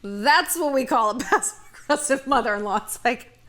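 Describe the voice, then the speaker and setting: Woman, advice vlogger, blunt, animated, higher voice, very lively pitch. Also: moderate pace. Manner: animated, blunt, acts out dialogue. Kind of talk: casual advice monologue.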